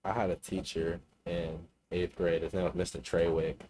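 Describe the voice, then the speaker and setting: A man's voice: low voice, flat delivery, normal speed, a little mellow. A young man co-hosting a podcast, chatting casually and swearing freely as he rambles through school stories, laughing as he goes. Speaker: podcast co-host. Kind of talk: casual chat.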